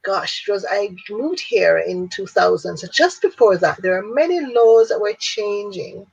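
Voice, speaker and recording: Woman, Jamaican accent, fifties, interview guest, animated storytelling, laughs often, muffled lo-fi audio. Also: medium pitch, normal speed, creaky, husky. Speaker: guest, speaker and businesswoman. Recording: dull lo-fi audio.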